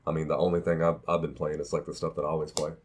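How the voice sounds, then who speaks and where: Laid-back man with a very deep voice. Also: little pitch movement, racing, a little hiss or hum. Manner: laid-back, dry quips. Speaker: podcast co-host. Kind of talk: casual chat.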